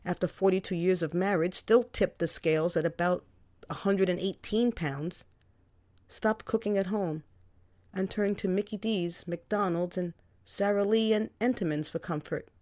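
A woman's voice: on the low side, normal speed, warm tone. A woman reading her first-person memoir story aloud in a wry, candid, conversational way. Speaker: memoir narrator.

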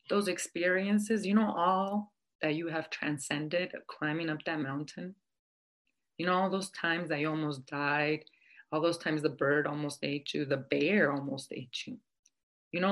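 A woman voicing a calm wise healer. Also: low-pitched, low-quality recording.

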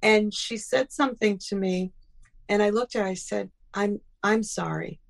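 A woman's voice: medium pitch, moderate pace, gravelly. A middle-aged woman telling personal stories in a casual interview, acting out quoted dialogue. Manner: animated, acts out quoted dialogue. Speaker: guest.

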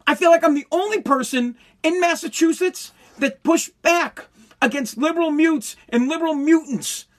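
A man's voice: very high voice, moderate pace. A man hosting his own podcast from his basement, ranting in a heated, profane way with frequent stumbles and repeated words. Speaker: podcast host. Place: home basement.

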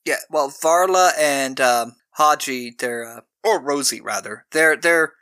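A young man co-hosts a podcast, casually recapping a film's plot and acting out the characters' lines. His fairly high voice is pushed and bright, a little slow, and recorded with no room sound.

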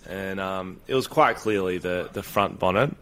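Joking, animated Australian podcast host. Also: male voice, low voice, moderate pace. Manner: joking, animated, swears freely, laughs often. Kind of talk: casual chat.

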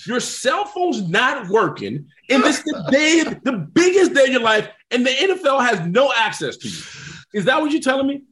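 A man impersonating an exasperated male sports agent lecturing a client in a loud, incredulous way. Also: very high-pitched, very animated, racing, hardly any pauses, pitched above the performer's own voice.

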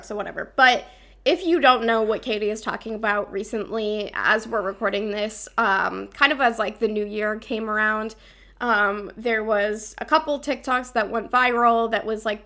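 A woman's voice: mid-range voice, moderate pace, pushed and bright. A young woman co-hosting a podcast, talking casually and rambling a bit with fillers. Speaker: podcast co-host.

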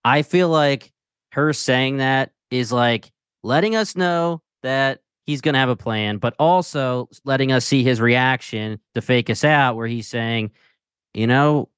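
A man co-hosting a casual podcast discussion, relaxed and thinking aloud. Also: mid-range voice, measured pace, clean tone, no room sound. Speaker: podcast co-host.

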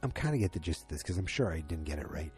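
A man casually recapping a TV episode. He rambles excitedly and acts out the lines he quotes. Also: low-pitched, very fast, soft background music.

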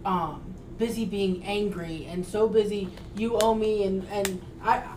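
A woman's voice: mid-range voice, fairly even intonation, unhurried, reverberant, distant mic, noisy background. A woman guest in a casual political chat, talking earnestly and telling personal stories. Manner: earnest, storytelling.

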